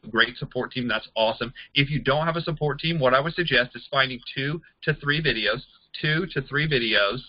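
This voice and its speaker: A man teaching a sales and recruiting class, talking fast and acting out bits of dialogue as he explains. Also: dry recording, highs cut off. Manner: energetic, acts out quoted dialogue with pitch jumps. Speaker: network marketing trainer. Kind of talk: recorded online class.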